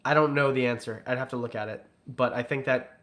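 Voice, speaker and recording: A man's voice: medium pitch, steady tone, fairly quick, fairly bright tone. Joking man hosting a livestream. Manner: joking, teasing, rambling with fillers. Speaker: livestream host. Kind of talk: casual livestream chat reading super chats.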